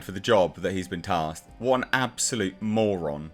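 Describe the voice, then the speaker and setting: A man's voice: sits low, expressive, moderate pace, few pauses, faint music behind. Exasperated man ranting. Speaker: comic book reviewer. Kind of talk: casual review vlog.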